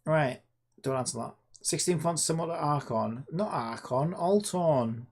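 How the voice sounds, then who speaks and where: A man's voice: fairly high pitch, a little slow, creaky, a little mellow. A man chatting sarcastically to himself while developing a game. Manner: rambling, sarcastic, talks to himself. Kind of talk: casual screen-recorded dev vlog.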